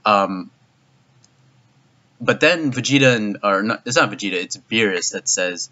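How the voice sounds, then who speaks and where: Man, low and punchy, excitable reviewer who rambles and swears, recorded on dull gear. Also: measured pace. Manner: rambling and profane, heavy use of "like"; excitable, voice jumps up in disbelief. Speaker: anime reviewer. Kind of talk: casual video review.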